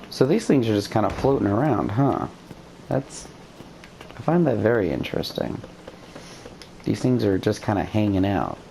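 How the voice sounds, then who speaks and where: A woman with a very deep voice giving rambling, self-deprecating let's-play commentary as she plays. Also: creaky, dark tone, a little hiss or hum. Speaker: game streamer.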